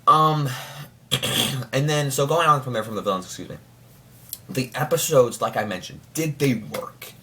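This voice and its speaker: Talking at a normal speed with frequent pauses, this young adult man has a mid-range voice and faint background noise behind him. He's chatting casually about a TV show, rambling through restarts and filler words, and his excitement sometimes spills into mock voices.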